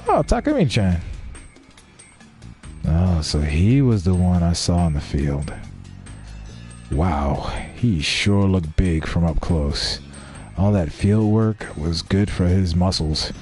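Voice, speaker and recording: A man's voice: sits low, slow, darkish tone, faint music behind. A man casually reading a visual novel aloud, voicing its characters and swearing now and then. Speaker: let's play streamer.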